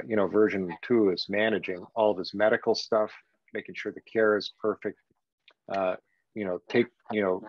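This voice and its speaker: An older man, a guest on a podcast, telling a personal story in a reflective, halting way with many "you know"s. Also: fairly low pitch. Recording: dull, dry lo-fi sound.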